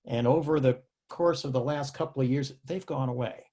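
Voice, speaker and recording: A man hosts a casual interview over a video call and asks follow-up questions in a measured way. His voice sits at an ordinary middle pitch. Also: dark tone. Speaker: host.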